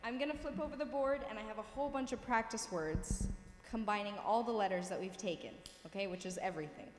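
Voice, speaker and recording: Woman teacher, mid-pitched, encouraging; recorded in an echoey hall with faint noise. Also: fast talker. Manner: patient, encouraging, checks in often. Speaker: Coptic language teacher. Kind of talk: classroom lesson, reading words aloud. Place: classroom. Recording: roomy echo with long reverb, faint room noise.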